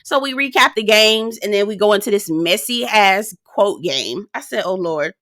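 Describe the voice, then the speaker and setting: Sassy, bright-voiced woman recapping reality TV. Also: medium pitch, normal speed, no room sound, studio quality. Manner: sassy, animated, laughing asides and put-on quotes. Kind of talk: casual recap commentary.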